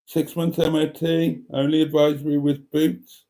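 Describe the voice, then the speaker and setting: A man's voice: on the high side, little pitch movement, moderate pace, mellow. A man hosting a casual livestream, reading viewer comments aloud with wry, camp asides and frequent laughter. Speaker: livestream host reading chat. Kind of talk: casual live chat.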